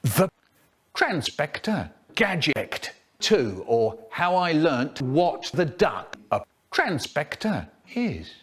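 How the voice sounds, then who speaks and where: A slow, animated man with a fairly high voice tells a spliced children's story. His pitch swings widely and leaps into squeaky highs without warning. Some bits sound set back from the microphone. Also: husky. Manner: animated, drawn-out words, sudden squeaky pitch jumps.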